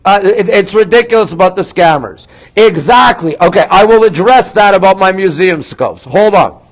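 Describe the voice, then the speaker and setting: A man's voice: sits high, lively intonation, normal speed, no echo, rough recording. An older man from Montreal ranting in casual chat on a live stream, talking straight to his viewers and reading out their comments. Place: outdoors in a big city at dawn. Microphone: phone.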